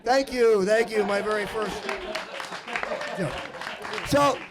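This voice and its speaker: Hosting a stand-up comedy show on stage, a man with a voice that sits high speaks at a slow pace. He introduces comics and tells rambling, self-deprecating jokes in a live room, with audience laughter in the background.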